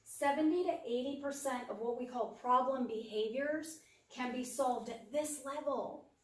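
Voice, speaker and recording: A woman's voice: high voice, normal speed. A woman giving a practical parenting workshop who now and then acts out what a parent would say to a child. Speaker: workshop presenter. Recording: echoey room, speaker far from mic.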